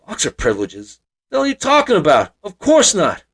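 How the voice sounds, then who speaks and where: A man voicing a gruff, old-school Italian older man who scolds in a loud, incredulous bark. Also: sits high, wildly swooping pitch, brisk, pitched above the performer's own voice, heavily acted. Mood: gruff scolding. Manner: barking, incredulous.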